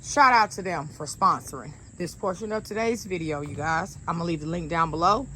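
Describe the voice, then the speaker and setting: A woman's voice: lowish voice, brisk, slight background noise. Chatty woman vlogging on a patio. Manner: chatty, relaxed, addresses viewers directly. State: out of breath. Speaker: lifestyle vlogger. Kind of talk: casual sponsored vlog. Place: outdoor patio. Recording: background music, voice sometimes far from mic.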